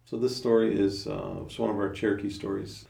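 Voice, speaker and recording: A man tells a traditional tale in a relaxed, halting voice full of fillers. His voice sits low with plenty of gravel. He is picked up from a distance in a roomy space. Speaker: storyteller. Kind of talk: oral storytelling.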